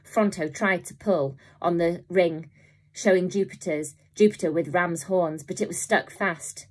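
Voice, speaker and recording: A woman teacher reading a children's novel aloud in a calm, steady way. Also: lowish voice, a little slow, husky. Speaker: primary school teacher.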